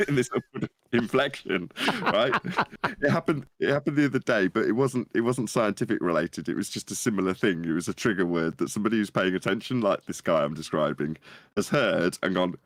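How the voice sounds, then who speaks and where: Guy chatting on a podcast, lowish voice, dry close sound, jumps high when quoting people. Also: a little fast, no echo. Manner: animated storytelling, acts out quotes in a high voice. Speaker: podcast panelist. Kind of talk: casual chat.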